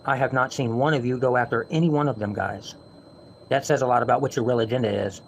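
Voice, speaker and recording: A man's voice: medium pitch, quick pace, gravelly, slight background noise. A man ranting to his viewers from home, heated and defensive, with frequent swearing. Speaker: vlogger.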